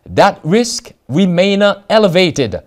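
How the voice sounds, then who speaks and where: High-pitched American male preacher, halting read-aloud sermon delivery with stressed keywords. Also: big pitch swings. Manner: reads passages aloud with frequent fillers and restarts, stressing key words. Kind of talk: sermon-style Bible study.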